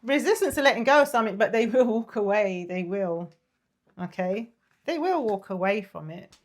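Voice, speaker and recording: A woman giving a casual tarot reading, chatty and apologetic, drifting into soft murmurs and breathy sighs. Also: mid-range voice, lively intonation, moderate pace. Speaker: tarot reader.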